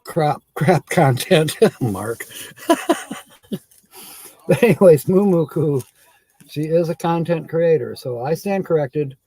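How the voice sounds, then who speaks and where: A man's voice: a little high, slow pace, long pauses, dark tone, husky, no echo. A man hosting a casual live stream, rambling and chuckling often as he corrects himself.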